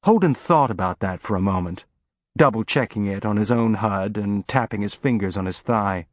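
A man narrating an audiobook in an even, measured reading. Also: lowish voice, no room sound.

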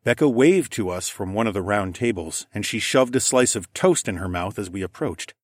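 Low-voiced man narrating calmly. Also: moderate pace, no echo. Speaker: audiobook narrator. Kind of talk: first-person audiobook narration.

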